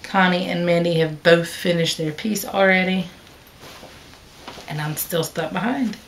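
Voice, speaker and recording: Hiccuping as she goes, a woman with a lowish voice vlogs unhurriedly about her stitching, chatting and rambling with fillers, self-corrections and restarted sentences. A little hiss or hum sits under the recording.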